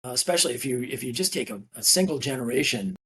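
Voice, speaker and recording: A man's voice: medium pitch, expressive, quick pace, fairly bright tone, a little hiss or hum. A man speaking as a business executive guest on a podcast, talking earnestly with frequent fillers and restarts. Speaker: CEO of a family office, podcast guest. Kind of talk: conversational interview.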